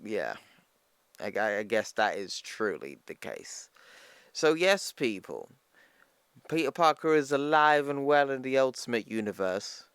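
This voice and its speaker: With a medium-pitched, smooth, slightly bright voice, a man narrates a comic recap in an unhurried, sing-song way with no room sound. Chatty and plain in retelling dialogue, this explainer-channel host addresses his audience as "people" over faint music.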